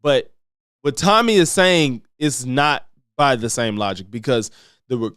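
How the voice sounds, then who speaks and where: A man's voice: mid-range voice, big pitch swings, unhurried, fairly bright tone, clean tone, dry recording, clean studio sound. A man streaming blunt, profane reaction commentary on video clips, mocking the people in them.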